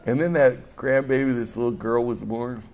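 An older male pastor preaching a sermon, animated, swinging between loud bursts and soft asides. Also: medium pitch, moderate pace. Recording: dull lo-fi sound.

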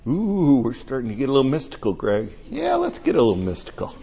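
An older man preaching a conversational sermon, telling stories in an animated and emotional way. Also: medium pitch, fast, creaky, lo-fi sound, a little hiss or hum.

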